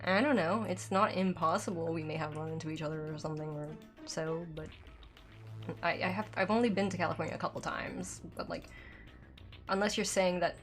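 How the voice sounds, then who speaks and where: A woman's voice: on the low side, fairly quick. Woman, game streamer, casual chat, dry throat, slight lisp, faint background music. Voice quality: slight lisp from dental aligners. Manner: chatty, rambling, reads chat aloud. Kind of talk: casual live gameplay chat.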